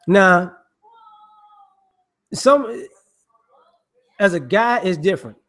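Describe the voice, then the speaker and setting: A man giving casual, rambling monologue commentary in slangy speech, filled with "you know" and quick acted-out voices. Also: high-pitched, sing-song, fairly bright tone. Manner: acts out people he mocks with quick voices.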